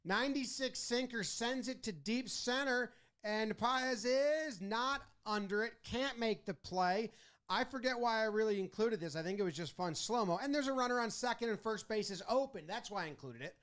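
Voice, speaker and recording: A man with a high voice narrates a baseball highlight breakdown. He talks in an animated, casual way and slips into quick voices for the players and umpires he quotes. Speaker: sports video commentator.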